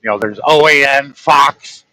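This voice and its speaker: A man's voice: medium pitch, measured pace, sharp tone, no room sound, low-quality recording. A man, a truck-driving vlogger, telling a story in a rambling, chatty way and chuckling at his own tales. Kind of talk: casual storytelling.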